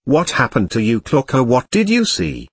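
A man's voice: mid-range voice, huge pitch swings, normal speed, husky, no echo, studio quality, exaggerated voice. A man voicing a skeptical, worried middle-aged uncle who questions everything, in a read-aloud story. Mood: doubtful.

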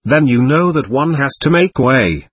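A man's voice: medium pitch, lively intonation, unhurried, a little hiss or hum, lightly acted. A man doing a frantic, feverish young nobleman. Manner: urgent, frantic. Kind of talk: audiobook character voice.

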